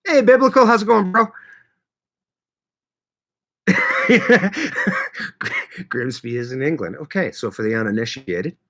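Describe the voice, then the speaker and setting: A man from Manitoba hosting a casual livestream, greeting viewers by name and chatting in a lively, laughing way. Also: a little high, slow pace, long pauses. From Canada (Manitoba). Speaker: livestream host reading chat.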